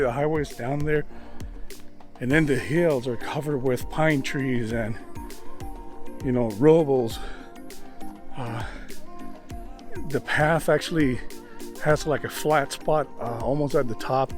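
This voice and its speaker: A man's voice: mid-range voice, a little mellow. A man out of breath, talking to his viewers while he climbs a steep mountain trail outdoors, huffing and full of enthusiasm. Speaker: travel vlogger. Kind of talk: walking vlog narration.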